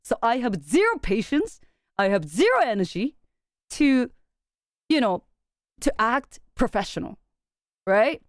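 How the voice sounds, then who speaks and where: A young woman streaming to her viewers, chatting casually and animatedly, laughing often, swearing for effect, and dropping in quick Japanese phrases. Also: fairly high pitch, very animated, no room sound, clean studio sound.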